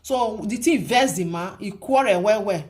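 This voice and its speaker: A woman's voice: medium pitch, normal speed, a little mellow. A woman with a Nigerian accent giving casual commentary to her viewers, emphatic, repeating her points and asking rhetorical questions. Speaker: vlogger.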